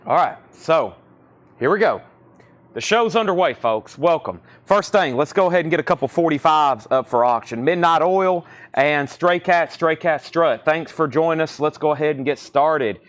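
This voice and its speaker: A man with a Southern US accent hosts a live-streamed record sale. His voice sits a little high for a man. He chats and rambles as he calls out titles and starting prices. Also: animated, normal speed. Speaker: live auction host. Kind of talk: live-stream sales patter.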